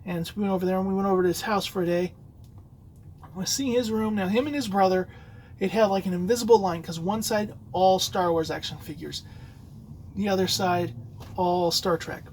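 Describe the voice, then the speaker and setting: A man's voice: sits high, fairly quick, darkish tone, slight background noise, rough recording. Rambling male podcaster telling a story. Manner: rambling storytelling with many fillers and restarts. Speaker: podcast host. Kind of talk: casual solo podcast talk.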